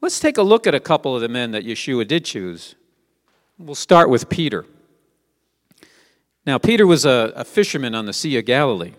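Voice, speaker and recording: A man's voice: medium pitch, sing-song, moderate pace, pauses often. Man preaching in a reverberant hall. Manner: conversational, asks rhetorical questions. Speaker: Messianic teacher. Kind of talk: sermon with scripture reading.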